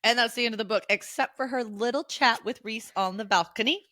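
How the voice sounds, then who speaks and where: A young woman co-hosting a podcast in casual book chat, talkative, now and then mimicking characters in a high mocking voice. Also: brisk, bright, forceful tone, no echo, studio quality. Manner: chatty, acts out characters' lines in a high mocking voice. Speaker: podcast co-host.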